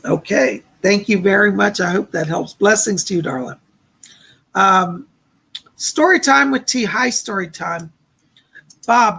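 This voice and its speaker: Hoarse gravelly psychic on a livestream. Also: male voice, high voice. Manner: gentle, reassuring, relays messages with repeated "she said". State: losing his voice, hoarse. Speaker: psychic medium hosting a livestream. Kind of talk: live psychic readings answering chat.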